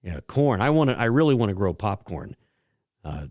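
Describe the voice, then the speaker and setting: A man's voice: fairly low pitch, sing-song, normal speed, darkish tone, dry recording. A middle-aged man hosting a casual farm radio chat, rambling through folksy stories with plenty of fillers. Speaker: radio show host.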